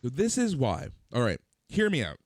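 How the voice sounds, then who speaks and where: A man's voice: medium pitch, wildly swooping pitch, normal speed. A man co-hosting a podcast, casually chatting about wrestling with teasing, sardonic jokes. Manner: sardonic, teasing, joking jabs. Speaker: podcast co-host. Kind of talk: casual wrestling review chat.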